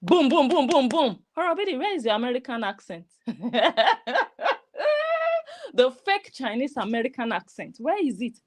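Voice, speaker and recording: A woman's voice: high voice, sing-song, fairly quick, hardly any pauses. A woman, giving mocking, scolding reaction commentary on clips she plays. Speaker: online commentator.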